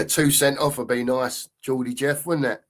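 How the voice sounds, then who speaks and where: Middle-aged man, medium pitch, easygoing fan host chatting to viewers. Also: steady tone, takes it slowly, a bit bright. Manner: chatty, matey, greets viewers with "big up". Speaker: live stream host reading chat. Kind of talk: casual live chat.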